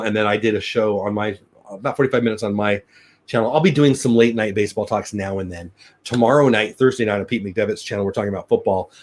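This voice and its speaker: A middle-aged man hosting a daily live news show, rambling upbeat chat and thanking viewers by name. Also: fairly low pitch. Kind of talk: casual live-stream chat.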